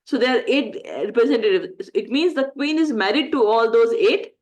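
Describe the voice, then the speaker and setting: A woman leads a scripture class as a storyteller. Her voice sits fairly high, and she acts out the quoted lines with animated shifts in pitch. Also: fairly quick. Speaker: Gita class teacher. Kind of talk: storytelling lesson.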